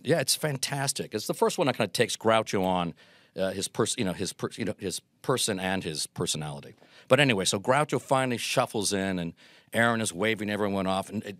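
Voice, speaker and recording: Deep-voiced man telling animated stories. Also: a little fast, dry recording, clean studio sound. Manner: animated anecdotes with acted quotes. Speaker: guest, Groucho performer. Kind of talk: storytelling interview.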